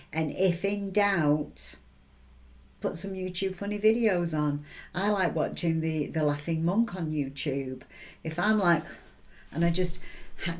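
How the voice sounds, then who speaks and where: A woman with a somewhat low voice talks through motivational advice in a chatty, encouraging way. She keeps checking in with the listener with quick tag questions, like someone coaching a friend. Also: a little mellow. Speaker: intuitive reader and advice giver. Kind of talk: motivational advice talk to camera.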